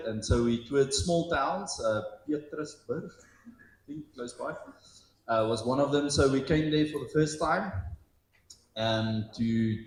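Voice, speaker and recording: A man tells a story from a tour at a retreat in a casual, halting way, with many pauses. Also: medium pitch, a little mellow, slight background noise. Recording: echoey room.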